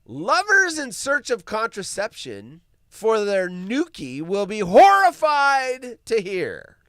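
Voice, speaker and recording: Animated, bright-voiced male streamer. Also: sits high, no room sound, clean studio sound. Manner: animated and wisecracking, swears freely. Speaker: livestream host. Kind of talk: casual live-stream commentary.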